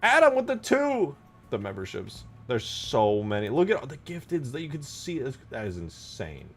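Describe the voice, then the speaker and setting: Excitable, swearing male streamer. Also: medium pitch, moderate pace, breathy edge, faint music behind. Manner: excitable, swears a lot, yells thanks to chat; swings between mumbling asides and loud outbursts. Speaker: livestreamer and game modder. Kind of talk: casual live-stream chat.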